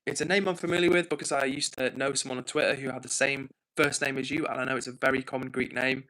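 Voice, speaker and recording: An English man hosting a livestream from home, chatting casually and reading out comments in an excitable, quick way. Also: medium pitch, rough recording. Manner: excitable, fast-talking. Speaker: livestream host.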